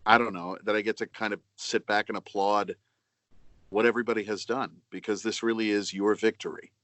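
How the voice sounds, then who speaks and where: A middle-aged man being interviewed as a guest voice actor, speaking in a measured, earnest way with many fillers and restarts. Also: lowish voice, fairly even intonation, fairly bright tone, no echo. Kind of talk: casual interview.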